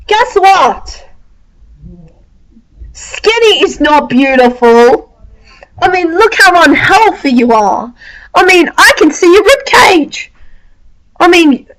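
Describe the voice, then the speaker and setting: A woman delivers a fed-up rant, swearing freely. Her voice sits high, and she drags her words out at an unhurried pace. She keeps padding her sentences with "like" and "I mean". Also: fairly bright tone, low-quality recording. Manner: ranting, swears a lot, many "like" and "I mean" fillers. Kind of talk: angry rant.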